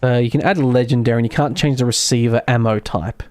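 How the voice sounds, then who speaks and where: A man's voice: medium pitch, fairly even intonation, fast, a little mellow. An Australian man with an Australian accent, casually commentating his gameplay with sarcastic, self-mocking humor and free swearing. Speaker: streamer.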